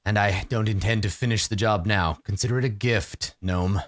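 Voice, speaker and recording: A man voicing a weary, bitter ancient male vampire, speaking slowly and gravely. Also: on the low side, no echo, pitched below the performer's own voice, natural voice. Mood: brooding. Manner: grave, slow and brooding.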